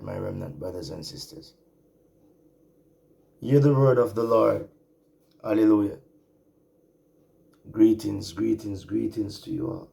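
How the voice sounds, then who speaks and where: A male preacher from the Caribbean islands delivers an online sermon. His voice is gravelly, and he moves slowly. He draws out his words and repeats phrases for emphasis. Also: fairly low pitch, dark tone.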